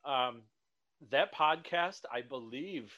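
A man interviewing a guest in a casual, halting conversational way. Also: medium pitch, animated, bright, forceful tone.

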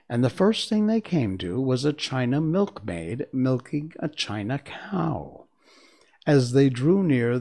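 Gravelly man reading a storybook aloud. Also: medium pitch. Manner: expressive, storytelling. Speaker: narrator.

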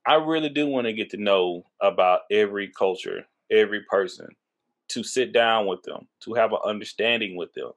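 A man from Texas in his thirties, hosting a podcast, talking politics in a loose, profane way and going high when he gets worked up, a little tipsy from drinking. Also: moderate pace. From Texas, USA. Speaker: podcast host. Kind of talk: casual political chat.

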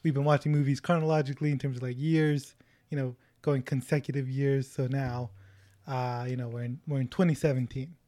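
A man's voice: mid-range voice, little pitch movement, fairly quick, dark tone, no echo. A man of about twenty hosting a podcast in casual chat, rambling and self-mocking. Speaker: podcast host.

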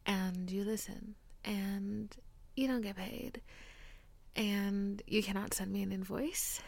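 A congested woman hosts her own podcast in loose, sarcastic chat. Her voice is often half-whispered and slips into gravelly fry. The sound is close and completely dry. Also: mid-range voice, dry recording. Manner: breathy whispery, chatty and sarcastic. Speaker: podcast host. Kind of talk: casual chat.

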